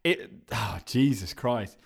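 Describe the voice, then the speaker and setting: A podcast co-host chatting casually and reacting to a story. The pitch moves a lot, with sweary shock and rambling side comments. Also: animated, slow pace, creaky, slightly rough. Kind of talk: casual chat.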